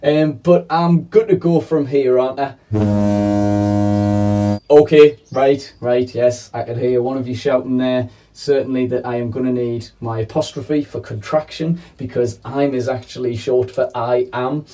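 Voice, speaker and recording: A man's voice: mid-range voice, fairly even intonation, unhurried, mellow, distant mic. A man teaching a children's video lesson in a playful, chatty way, often checking in with "okay?". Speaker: primary school teacher.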